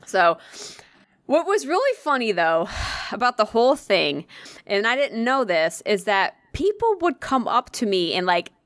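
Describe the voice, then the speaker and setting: A young woman casually telling an excitable, profanity-laced story, acting out the voices of the people in it. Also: on the high side, unhurried, no echo, clean studio sound. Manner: excitable, swears freely, acts out quoted voices. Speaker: convention volunteer telling a story.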